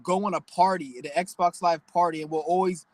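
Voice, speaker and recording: A man's voice: sits high, fairly even intonation, normal speed, dry recording, rough recording. A young man hosting his own channel, ranting bluntly and profanely in a preachy, emotional way. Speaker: channel host. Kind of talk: casual vlog rant.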